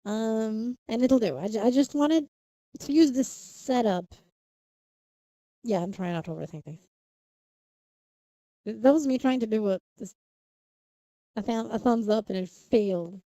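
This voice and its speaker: Young female streamer, casual and rambling with frequent giggles, slightly high and soft-toned voice. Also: lively intonation, unhurried, long pauses, dry recording, muffled recording. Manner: rambling, self-interrupting, giggly. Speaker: livestreamer. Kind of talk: casual live stream chat.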